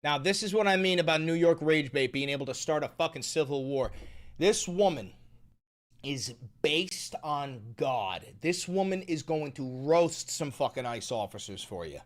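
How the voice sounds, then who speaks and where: A man's voice: on the high side, animated, moderate pace. A man streaming live reaction commentary, heated and mocking, swearing often.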